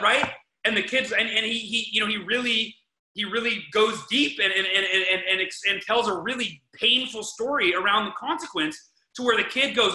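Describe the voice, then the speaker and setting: A man hosting a podcast, giving casual parenting advice in an energetic, emphatic way, often repeating himself and restarting sentences. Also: sits high, normal speed. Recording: echoey room.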